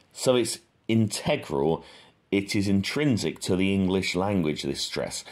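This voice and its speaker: A man giving an informal, rambling lesson on poetry, with many fillers, who reads verse aloud slowly. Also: low voice, animated. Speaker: poetry teacher.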